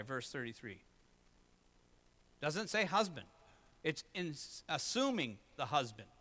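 A middle-aged man preaching a sermon as pastor, moving between loud emphatic lines and low, quiet asides.

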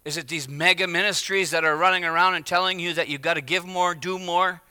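Middle-aged male pastor, sermon delivery, very bright slightly high voice, dry close sound; hushed to emphatic. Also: steady tone, brisk, clear, resonant tone, no echo. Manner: swings from hushed to loud, emphatic preaching.

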